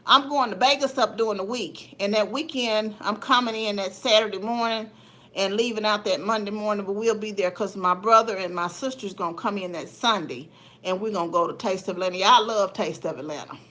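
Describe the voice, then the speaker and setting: A woman's voice: medium pitch, fairly quick, fairly bright tone. A middle-aged woman hosting a casual livestream, chatting folksily with viewers and laughing often. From Memphis area, USA. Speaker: livestream host. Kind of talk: casual live chat with viewers.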